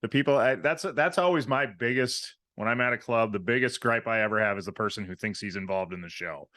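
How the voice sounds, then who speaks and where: A man hosting a podcast, chatting in a relaxed, agreeable way. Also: fairly low pitch, fairly quick. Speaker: podcast host. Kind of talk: casual podcast chat.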